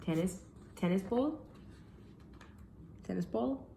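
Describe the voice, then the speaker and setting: A woman's voice: mid-range voice, expressive, takes it slowly, creaky, mellow, echoey room, slight background noise. A young woman co-hosting a home vlog, chatting casually with a playful, teasing manner and frequent laughter. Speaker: vlog co-host. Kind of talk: casual chat.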